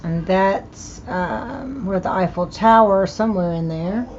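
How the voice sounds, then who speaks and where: A woman's voice: mid-range voice, unhurried, darkish tone, lo-fi sound, slight background noise. An older woman with a Southern US accent, hosting a casual thrift-haul video and chatting with delighted exclamations over her finds. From American South. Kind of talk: casual show-and-tell.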